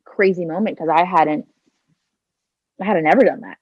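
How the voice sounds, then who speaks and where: Speaking at a normal speed into a handheld phone, this podcast guest, a woman in her twenties, shares a personal story in a chatty way, full of "like" and "kinda," and voices her own thoughts aloud. Her fairly low voice has a darkish tone, and the sound is dull and lo-fi with no room echo.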